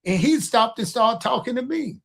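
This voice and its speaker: An older man hosting a podcast, telling a story in a casual, animated way and acting out the quotes, with plenty of swearing. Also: very high voice, moderate pace, creaky. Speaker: podcast host.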